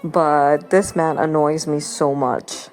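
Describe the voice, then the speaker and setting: A woman's voice: low-pitched, steady tone, slow, a little mellow. A young woman hosting a game channel, chatting casually and rambling while she plays, laughing often and sounding mock-exasperated. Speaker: gaming channel host. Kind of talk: casual gameplay commentary. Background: game music.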